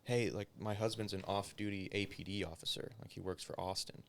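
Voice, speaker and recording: Gravelly low-voiced man telling a story. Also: fairly even intonation, fairly quick, fairly bright tone. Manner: profane, filler-heavy storytelling. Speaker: podcast guest, former police officer. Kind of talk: casual storytelling interview.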